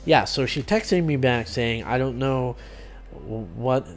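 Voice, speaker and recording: A man's voice: mid-range voice, slow pace, a little hiss or hum. A man streaming and making game videos, talking in a rambling, loose way with many fillers and restarts. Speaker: gaming YouTuber and streamer. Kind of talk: casual vlog talk to camera.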